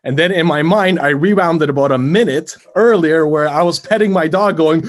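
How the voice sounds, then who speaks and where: A man's voice: fairly high pitch, brisk. A man co-hosting a podcast, trading stories and questioning things in casual chat. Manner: quizzical, argumentative banter. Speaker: podcast co-host.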